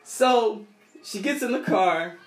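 A man's voice: sits high, expressive, slow, echoey room, soft background music. A young man casually telling a story from his childhood, rambling and restarting his sentences often.

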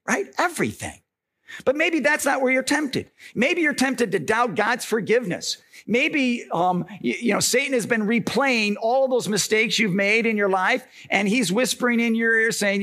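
Husky, lively-voiced male pastor preaching. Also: sits high, a little slow. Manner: energetic, conversational, rhetorical check-ins. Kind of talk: sermon.

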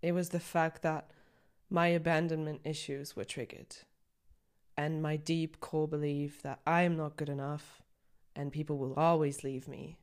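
Young woman host, low voice, raw confessional monologue, blunt and emotional, occasional swearing. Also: a little mellow. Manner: raw, candid, swears, on the edge of tears. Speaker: podcast host. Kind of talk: personal reflective monologue.

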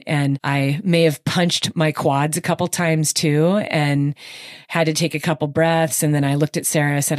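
A woman with a low, grounded voice tells her race story in an easy conversational way. She speeds up in animated bursts and leans on fillers as she talks. The recording is dry and close. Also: no room sound. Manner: animated, emotional, quick bursts with frequent fillers. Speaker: podcast guest recounting her race.

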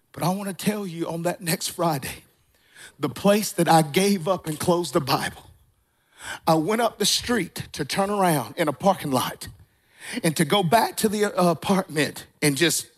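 A man in his forties preaching a sermon, telling a personal story and quizzing the congregation as he goes. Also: fairly high pitch. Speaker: pastor.

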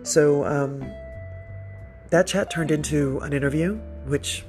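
A man hosting a podcast, telling a personal story in a casual, rambling way, with self-deprecating asides and soft laughs between thoughts. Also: fairly high pitch, slow, faint music behind. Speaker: podcast host.

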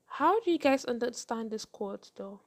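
Fast-talking young woman host. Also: a little high. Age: young adult. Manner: fast-talking, animated, laughs often. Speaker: podcast host. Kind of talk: casual advice chat.

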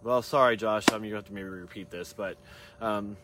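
A man's voice: lowish voice, normal speed, background noise. A hairstylist man talking casually to his camera, rambling through a long story with many tangents and restarts.

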